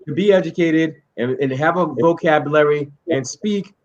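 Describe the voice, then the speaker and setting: A man joining a casual panel discussion, speaking at a slow, measured pace. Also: on the high side, dull audio. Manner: measured, deliberate speech.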